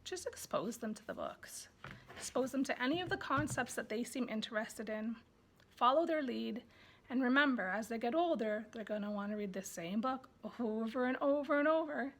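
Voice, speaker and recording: A woman's voice: fairly high pitch, lively intonation, normal speed, slight background noise. A woman who is a child development coordinator, giving a parenting lesson with sing-song baby-talk demonstrations.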